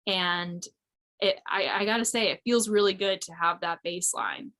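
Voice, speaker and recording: A woman's voice: fairly low pitch, lively intonation, moderate pace, a bit bright. A woman in her thirties from Missouri, a guest in an interview, talking reflectively with many "like" fillers. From Missouri, USA. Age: 30s. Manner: reflective, frequent "like" fillers, light laughs. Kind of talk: casual interview talk. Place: remote audio interview.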